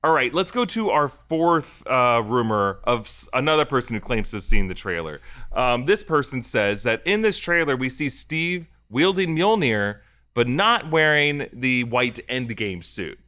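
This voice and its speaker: Bright-voiced man co-hosting a rumor show. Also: medium pitch, animated, unhurried. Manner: chatty, with many fillers and restarts. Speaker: co-host of a movie rumor show. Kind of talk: casual podcast chat.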